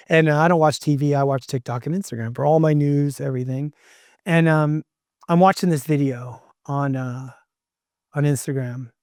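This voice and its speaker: A man's voice: on the high side, darkish tone, no echo, clean studio sound. A middle-aged man, a podcast guest, talking earnestly and emphatically like a motivational speaker. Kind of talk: casual interview talk.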